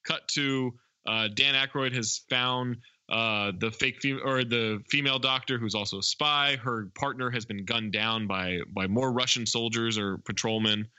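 A man co-hosting a podcast talks through a film's plot in a loose, rambling way, full of fillers and restarts. His voice is very bright and forward. The sound is dry and close, with no room in it. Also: medium pitch, fairly even intonation, moderate pace, hardly any pauses, clean tone, no room sound, highs cut off. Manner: rambling scene-by-scene retelling with many fillers. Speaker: podcast co-host. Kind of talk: casual movie recap chat.

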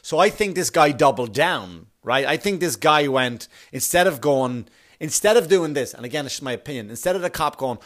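A man's voice: fairly high pitch, lively intonation, fairly quick, a bit bright. A man hosting a podcast in a blunt, profane, opinionated monologue. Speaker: podcast host.

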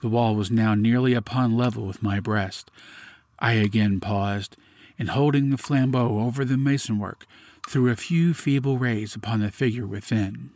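A man giving a measured, grave dramatic reading of a classic gothic story as podcast host. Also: mid-range voice, a little mellow, dry recording.

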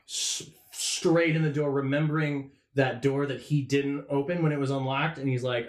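A man's voice: medium pitch, steady tone, normal speed, few pauses. A man playing a tabletop game, jokey and swearing often. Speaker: player. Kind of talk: casual tabletop role-play chat. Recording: echoey room.

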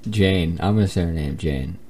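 A man's voice: low-pitched, moderate pace, noisy background. A young man in a casual group chat, blunt and swearing.

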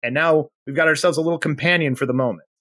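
A man's voice: fairly high pitch, fast talker, dry recording. Dry-sounding man retelling story scenes. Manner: animated retelling, acting out character lines. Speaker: podcast co-host. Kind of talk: casual chat.

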